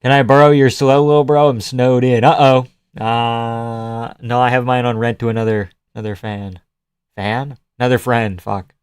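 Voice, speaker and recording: A man reacts to fights on a live stream in loose, profane chat and talks back to his viewers as he watches. His voice is smooth and resonant, close on the mic with a dry, dead sound. His pitch sits in an ordinary middle range. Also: steady tone, a little slow, dry recording. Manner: loose, profane, chatty, greets chat by name. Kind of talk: casual live-stream commentary.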